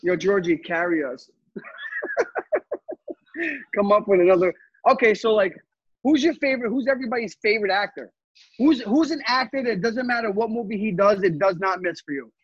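High husky dude hyped up in a podcast chat, kinda dull lo-fi sound. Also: male voice, normal speed, long pauses, no echo. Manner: excitable, swears often, laughs a lot. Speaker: podcast co-host. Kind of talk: casual chat.

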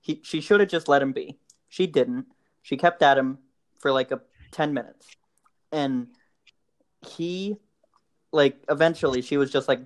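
A man's voice: medium pitch, unhurried, pauses often. A young man in casual chat, telling a rambling story with many restarts and frequent laughs.

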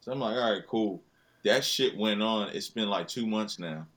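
A man's voice: fairly low pitch, moderate pace, a bit bright. A young man, a father, chatting casually about his daughter in a slangy, profane, laid-back way. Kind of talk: casual chat.

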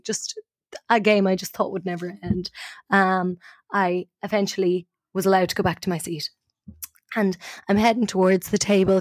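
A woman co-host telling a personal story with animated, self-mocking energy. Her pitch is mid-range for a woman, and the recording is close and dry with no room sound. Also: no echo. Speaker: podcast co-host. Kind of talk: casual storytelling.

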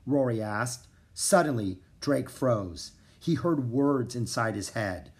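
Expressive man reading a storybook. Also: mid-range voice, takes it slowly, few pauses. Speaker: audiobook narrator. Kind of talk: storybook narration.

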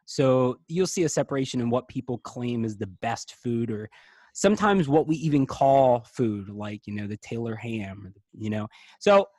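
A man from South Jersey co-hosting a podcast, chatting in a lively storytelling way. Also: medium pitch, moderate pace, dry recording. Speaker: podcast co-host. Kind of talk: casual chat.

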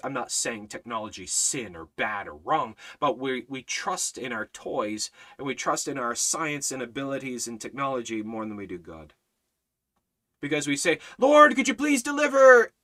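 A man's voice: mid-range voice, pushed and bright. A man giving a Bible study as a sermon, preaching fervently with emphatic, repeated lines that build in intensity. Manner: preaching with rising fervor, repetitive emphatic lines. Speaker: Bible teacher.

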